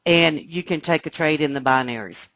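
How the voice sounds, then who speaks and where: Excited woman teaching live trading. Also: deep voice, normal speed, dry recording. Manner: explanatory, keeps checking listeners follow; excited, animated. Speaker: trading instructor. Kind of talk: live trading room lesson.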